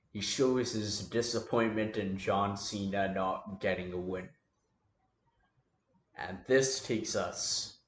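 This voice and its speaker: A man's voice: mid-range voice, echoey room. A man casually talking through an imagined wrestling storyline as a fan booker, in a loose, rambling way with lots of filler words.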